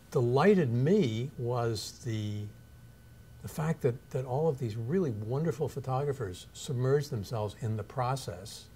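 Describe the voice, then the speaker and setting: A man's voice: mid-range voice, a little mellow. A man, a photographer and teacher, reflecting and telling anecdotes in a studio interview. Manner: thoughtful, anecdotal, measured.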